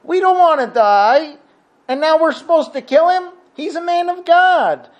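A frightened sailor pleads and bargains, his words rising in a high, strained appeal, as a man acts him out while retelling a story. The voice sits well above a typical man's and pushes harder as it begs. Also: expressive, unhurried, dull audio. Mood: pleading. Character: desperate male sailors pleading for their lives.

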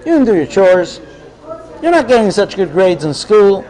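A man's voice: high-pitched, very animated, normal speed, poor audio. A man voicing a stern middle-aged father in a story he tells. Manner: gruff refusals, then gentle giving in.

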